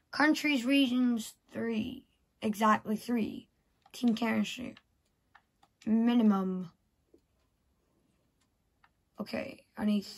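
A husky, fairly high woman's voice talks slowly through a video game, half muttering to herself as she thinks aloud. The commentary is casual and unhurried, with soft keyboard clicks behind her. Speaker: gameplay vlogger.

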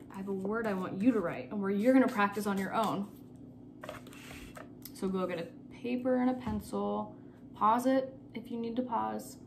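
A woman teacher giving a recorded phonics lesson to children, patient and repeating key words slowly. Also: fairly high pitch, a little hiss or hum.

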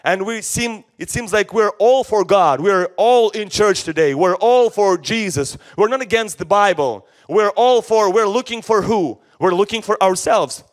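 A man's voice: sits high, expressive, moderate pace, hardly any pauses. A man preaching a sermon as pastor, asking rhetorical questions and answering them himself, with emphatic repetition. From Slavic.

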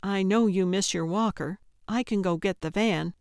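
A woman's voice: medium pitch, moderate pace, darkish tone, no room sound, clean studio sound, close to an everyday voice. A woman voicing a practical young woman who speaks in a reassuring, down-to-earth way. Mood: weary.

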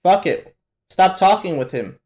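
Slow-talking, profane anime reaction host. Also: male voice, high-pitched. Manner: profane, excitable, bursts into loud exclamations; casual slangy talk to the viewer. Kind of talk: live anime reaction commentary.

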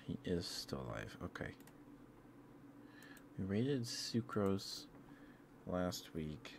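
A man streaming ASMR, chatting casually and softly with his viewers in a laid-back, meandering way at his home setup. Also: deep voice, sing-song, slow pace, creaky, a little hiss or hum.

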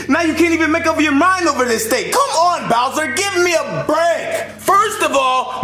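A man voicing a hot-tempered, petulant male chef who rants, shouts and throws tantrums. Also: very high voice, reverberant, full character voice.

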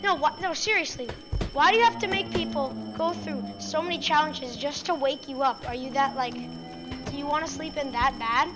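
Frustrated and exasperated by the game she's playing, a woman comments on her gameplay for an audience in a let's play video. Her voice is high-pitched and her speed is normal. Loud game music plays behind her.

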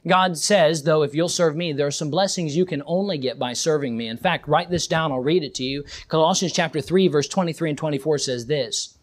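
A young man delivers a sermon as pastor. His voice sits high, climbing into fervent peaks and then sinking into quiet, reflective passages. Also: a little fast.

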